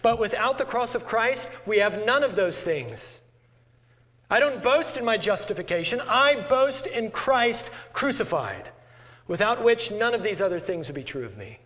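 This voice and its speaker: A man's voice: high-pitched, big pitch swings, normal speed, fairly bright tone. A male pastor preaching a sermon in a church, conversational and self-deprecating. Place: church sanctuary. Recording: long church hall reverb.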